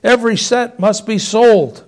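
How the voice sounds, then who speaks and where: A man voicing an eager young child who cries out excitedly, in a storytelling reading. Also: high-pitched, measured pace, voice pushed up. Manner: eager and shouting.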